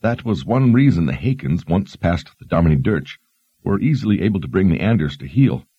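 A man voicing a learned young woman who explains history in a measured, explanatory way. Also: low-pitched, sing-song, mellow, husky, dry recording, dull audio, heavily acted. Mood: explaining.

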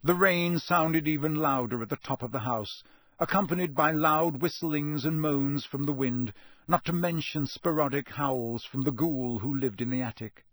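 Expressive man narrating a storybook. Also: a little high, normal speed, no room sound. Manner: expressive, acts out every character. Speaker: audiobook narrator.

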